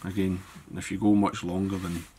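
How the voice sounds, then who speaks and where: A man giving a relaxed step-by-step fly-tying tutorial, thinking aloud as he works. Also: deep voice, normal speed, slight background noise.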